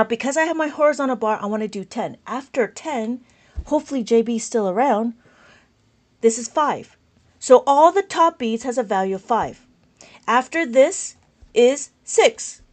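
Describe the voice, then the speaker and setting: A woman teaching an abacus lesson on a live stream, reading out viewer comments, speaking loudly and with enthusiasm. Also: on the high side. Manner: loud, enthusiastic, passionate.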